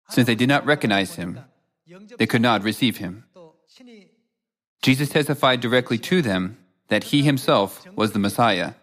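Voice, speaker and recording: A man's voice: on the low side, fairly bright tone. Man reading a solemn scripted sermon. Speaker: preacher.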